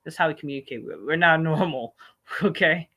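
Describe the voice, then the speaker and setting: A man hosting a live stream, answering viewer questions in a rambling, profane, animated rant with sudden loud outbursts. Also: a little high, brisk.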